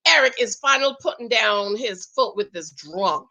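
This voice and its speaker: A woman's voice: mid-range voice, expressive, moderate pace, pushed and bright, poor audio. A woman hosting a casual reality TV recap, chatty and exclamatory, often calling her viewers child and honey.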